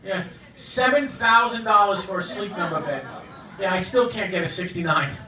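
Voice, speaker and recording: A man in his fifties doing a stand-up comedy set on a club stage, with a halting, deadpan delivery full of fillers. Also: high-pitched, heavy background noise. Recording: roomy club sound, audience recording from a distance.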